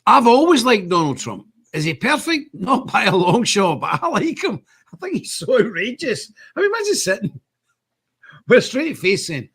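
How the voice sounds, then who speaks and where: A man's voice: high voice, very animated, moderate pace, fairly bright tone, slightly rough. An older man hosting a casual political commentary stream, rambling and emphatic, reading viewer comments aloud. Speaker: show host.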